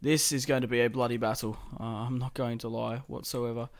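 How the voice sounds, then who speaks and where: A young man hosting a let's-play speaks fairly quickly in a flat, mid-range voice. He talks through a strategy game in a casual, chatty way, laughing and cursing as he plays.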